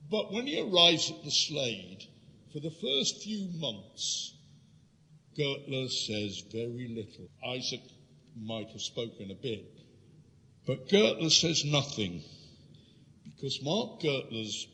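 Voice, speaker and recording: Taking his time, a London-born man with a mid-range voice delivers an illustrated history lecture as a guest lecturer. He narrates vividly and speaks directly to those in the lecture room, where the sound echoes noticeably.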